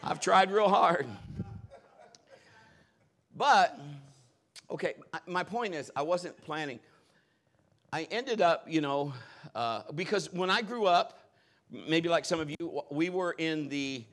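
Animated high-voiced male pastor preaching. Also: slow, pauses often. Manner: animated, joking storyteller. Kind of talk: sermon with personal stories.

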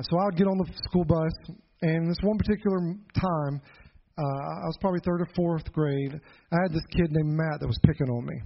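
A middle-aged pastor preaching a Sunday sermon, telling a childhood story in an earnest, folksy way with joking asides. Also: male voice, fairly high pitch. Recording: dull lo-fi sound.

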